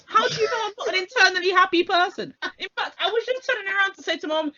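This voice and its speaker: A woman's voice: very high-pitched, fast, hardly any pauses. A young woman, co-hosting a casual chat and telling stories with acted-out exchanges. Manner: animated storytelling, acting out quoted exchanges. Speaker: podcast co-host. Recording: dull lo-fi sound.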